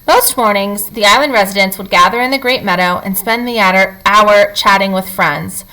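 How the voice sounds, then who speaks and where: A woman reading a children's novel aloud in an expressive, animated way. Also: medium pitch, moderate pace, rough recording. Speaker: reader. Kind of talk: read-aloud storytelling.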